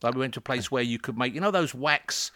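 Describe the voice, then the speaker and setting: A man's voice: medium pitch, fast talker, bright, forceful tone, dry recording. A man, chatting playfully and explaining things at length in a casual talk. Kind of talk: casual chat.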